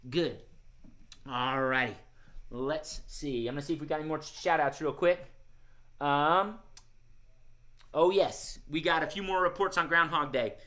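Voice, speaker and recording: Playful and coaxing, the host of a live children's music show keeps addressing the kids as "y'all" during the stream. He has a slightly high, bright voice with a forceful tone.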